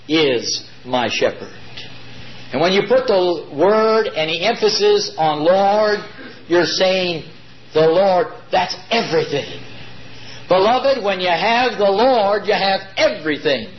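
A man preaching a sermon to his congregation, emphatic and drawing key words out slowly. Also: high-pitched. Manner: addresses congregation as "beloved". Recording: dull lo-fi recording.

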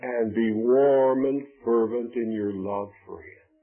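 Earnest slow preacher on tinny radio. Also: male voice, mid-range voice, fairly even intonation, soft background music. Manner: earnest, emphatic preaching with heavy pauses. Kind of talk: sermon. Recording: tinny phone-like radio broadcast.

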